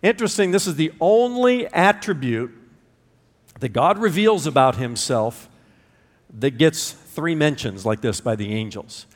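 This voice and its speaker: A man preaching a sermon, emphatic, repeating words for stress and pausing between phrases. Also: a little high, sing-song, in a large hall. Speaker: pastor.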